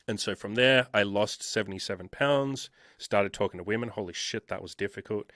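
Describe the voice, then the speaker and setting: A man's voice: on the low side, fairly quick, few pauses, fairly bright tone, no room sound, studio quality. A man in his thirties telling his life story as an interview guest, emphatic and swearing freely. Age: 30s.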